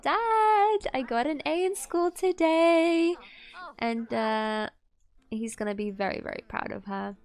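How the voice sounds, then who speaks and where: A woman talking through her game in a chatty, meandering way, leaning on fillers as she thinks aloud. Her voice sits fairly high. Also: clean tone. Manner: chatty, rambling, many fillers. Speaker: gaming host. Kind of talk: let's play commentary.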